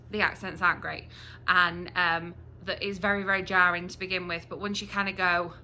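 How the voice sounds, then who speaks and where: A woman's voice: medium pitch, pushed and bright, a little hiss or hum. A woman from the UK chatting to camera as a book review vlogger, with frequent ums and restarts.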